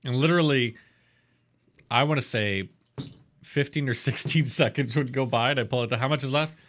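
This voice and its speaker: A man's voice: mid-range voice, moderate pace, a bit bright. A man co-hosting a podcast, casually reviewing a TV episode in a blunt, profane, rambling way. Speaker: podcast co-host.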